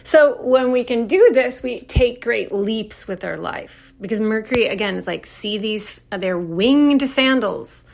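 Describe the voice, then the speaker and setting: A woman's voice: on the high side, expressive, unhurried, gravelly, few pauses. A woman hosting an astrology podcast, talking in a rambling, playful way with lots of "like" fillers. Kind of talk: casual solo talk.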